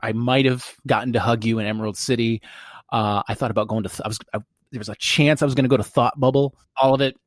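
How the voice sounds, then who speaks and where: A man's voice: mid-range voice, fairly even intonation, quick pace, dry recording, clean studio sound. A man in his forties from the United States hosting a podcast, chatting casually in a jokey, self-deprecating way. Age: 40s. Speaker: podcast host.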